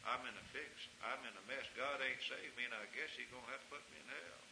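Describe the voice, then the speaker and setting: A man's voice: medium pitch, quick pace, gravelly, lightly acted. A preacher doing a desperate young man. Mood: resigned. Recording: echoey room recording with hiss.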